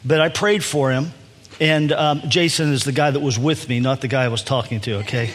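A man's voice: mid-range voice, a little fast, a bit bright. A man in his sixties, a pastor telling a story in a sermon, often restarting and repeating words as he goes. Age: 60s. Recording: long hall reverb.

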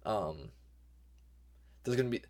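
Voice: mid-range voice, expressive, takes it slowly, a little mellow. Laid-back young adult, teasing co-host. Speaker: podcast co-host. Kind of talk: casual chat. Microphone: home computer microphone, remote call.

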